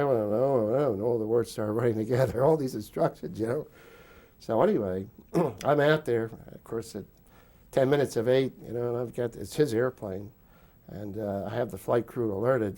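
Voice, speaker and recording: A man's voice: mid-range voice, moderate pace, mellow. An older man in an interview, recounting wartime memories as a rambling storyteller who chuckles often between fillers.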